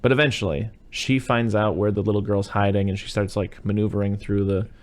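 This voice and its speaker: A man's voice: fairly low pitch, steady tone, a little fast. A man co-hosting a podcast, rambling through a loose, casual recap full of fillers. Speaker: podcast co-host. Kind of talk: casual chat.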